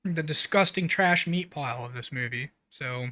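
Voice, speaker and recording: A man's voice: fairly high pitch, normal speed, sharp tone, no echo. A man co-hosting a casual film review podcast, recapping scenes in a blunt, rambling way and swearing freely. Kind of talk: casual chat.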